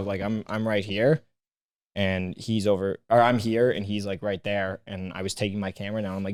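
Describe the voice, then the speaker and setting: Profane, animated man telling stories. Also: on the low side, quick pace. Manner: animated, profane, acts out quoted voices. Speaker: guest comedian. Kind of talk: casual podcast chat, storytelling. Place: podcast studio.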